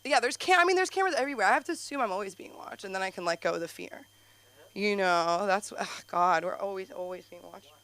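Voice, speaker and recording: A woman's voice: mid-range voice, fast talker, a bit bright. A woman doing a rambling, profane, self-mocking stand-up set at an open mic. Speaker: stand-up comic. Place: comedy club stage.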